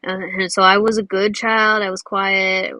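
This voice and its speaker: A woman's voice: mid-range voice, level tone, measured pace, bright, forceful tone, no room sound, low-quality recording. A young woman telling a rambling personal story in a chatty way, with lots of fillers and restarts, while drawing. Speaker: drawing video host.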